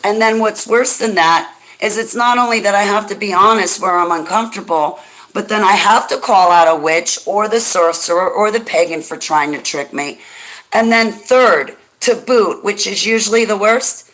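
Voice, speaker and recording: A woman's voice: medium pitch, normal speed, a bit bright, rough recording. A woman hosting a religious talk show in an impassioned, emphatic way. Her delivery is emotional, and she often speaks straight to one listener. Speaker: radio show host.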